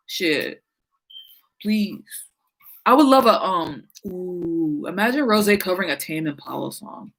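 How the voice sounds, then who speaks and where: On a low-quality recording, a female podcast host with a medium-pitched, slightly bright voice chats casually at a moderate pace. She talks animatedly about music, laughing often and swearing freely, though she sounds sleepy and keeps yawning.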